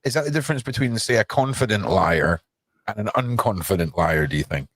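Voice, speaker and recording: A man's voice: on the low side, expressive, fairly quick, a bit bright. A man co-hosting a podcast, chatting casually with hesitant, filler-heavy questions. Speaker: podcast co-host.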